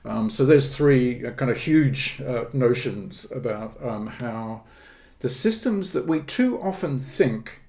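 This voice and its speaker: A middle-aged man, a politics professor, explaining ideas in a podcast interview, measured and academic, pausing with fillers and restarting phrases. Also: medium pitch, lively intonation, a little mellow.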